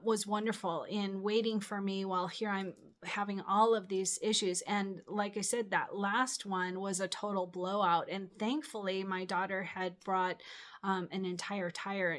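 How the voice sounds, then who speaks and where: Chatty middle-aged woman telling a story. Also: mid-range voice. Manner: rambling, chatty, many fillers and restarts. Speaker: channel host. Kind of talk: casual storytelling.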